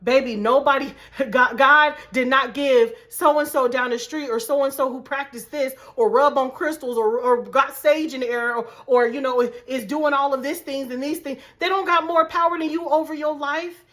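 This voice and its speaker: A woman's voice: high-pitched, fairly even intonation, moderate pace, fairly bright tone. A woman life coach giving a casual, emphatic motivational talk to her viewers, repeating key points. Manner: casual slangy speech.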